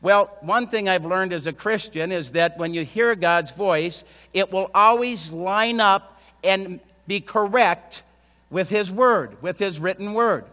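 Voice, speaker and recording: A pastor preaches in a conversational way, often turning to rhetorical questions. His voice sits somewhat high for a man. The sound carries a long reverb from the church hall. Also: slow, sharp tone. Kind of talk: sermon. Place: church sanctuary.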